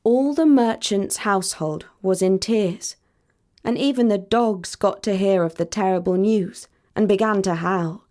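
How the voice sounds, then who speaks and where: A woman storyteller narrating a fairy tale in a clear, measured, deliberate way. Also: medium pitch, darkish tone.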